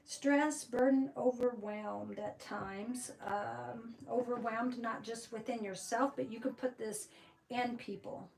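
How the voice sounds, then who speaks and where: A woman's voice: fairly high pitch, fairly even intonation, takes it slowly, creaky, a little mellow, distant mic, poor audio. A woman giving a tarot reading, rambling with many fillers and restarts. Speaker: tarot reader.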